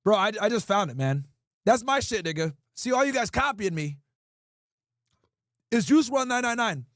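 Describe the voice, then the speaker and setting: A man with a high voice hosts a livestream, chatting casually with his viewers and reading their comments aloud in a blunt, profane way, talking straight to chat. His pitch swings widely and his pace is moderate, with frequent pauses and a slightly bright tone. The recording is studio quality, with no room sound.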